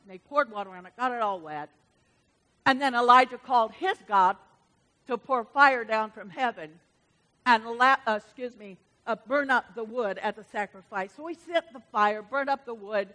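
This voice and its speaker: A woman preaching a sermon with animated, emphatic storytelling. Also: fairly high pitch, moderate pace.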